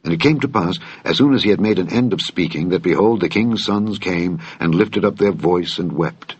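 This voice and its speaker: A man reading scripture aloud in a solemn, measured way. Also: sits low, slightly rough. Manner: solemn, measured, archaic phrasing. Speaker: Bible reader. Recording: dull lo-fi dry recording.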